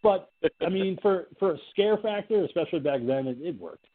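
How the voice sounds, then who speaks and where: A man co-hosting a podcast, chatting casually about a horror film, animated and profane, mocking the characters. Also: high-pitched, a little fast. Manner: animated, swearing, mocking characters in silly voices. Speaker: podcast co-host. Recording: tinny phone-like audio.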